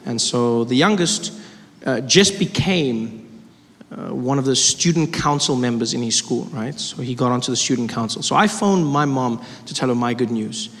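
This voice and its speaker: A man performing stand-up comedy, telling stories in an animated way on a theater stage, recorded in a hall with a laughing crowd. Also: medium pitch, moderate pace. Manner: animated storytelling.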